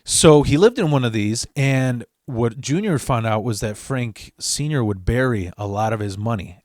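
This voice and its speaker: A man's voice: mid-range voice, lively intonation, normal speed, darkish tone, no echo. Rambling, profane male storyteller, dry sound. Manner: rambling and profane, with restarts and asides. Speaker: storyteller host of his channel. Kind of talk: casual storytelling.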